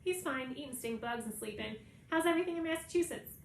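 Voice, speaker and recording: A woman reading aloud voices a joking boy friend with a creepy, croaky voice, in an echoey room. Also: high-pitched, animated, fast, a little hiss or hum, voice pushed up. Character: boy Toby, jokey friend on the phone.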